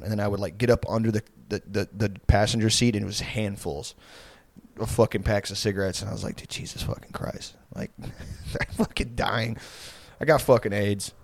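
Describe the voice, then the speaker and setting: A man in his twenties co-hosts a podcast, rambling through long, profane stories with lots of fillers in a casual chat. His voice is low and gravelly, and there's no room sound.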